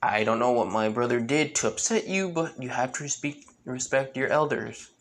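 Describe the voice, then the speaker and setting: A man's voice: mid-range voice, moderate pace, lightly acted. A man voicing an earnest, polite young hero in a fan story reading, close to his own voice. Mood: calm.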